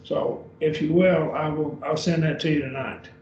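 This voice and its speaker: A man's voice: fairly high pitch, fairly even intonation, darkish tone. A man teaching a beginner Greek class over a video call, speaking patiently and repeating each word. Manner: slow, patient, repeats words. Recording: dull, roomy, distant with faint hiss.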